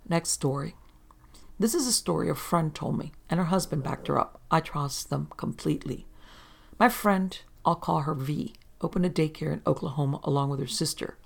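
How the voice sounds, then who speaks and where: Gravelly, creaky storytelling narrator. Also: medium pitch, a little mellow. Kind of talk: reading first-person encounter stories aloud.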